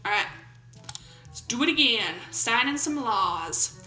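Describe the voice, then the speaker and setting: Here a woman around twenty-seven, a gaming YouTuber, goofs her way through a game, reading its questions out and joking in quick put-on voices. She speaks slowly in a pushed, bright voice on the high side, with lively intonation. The audio is poor and roomy, with faint music behind her.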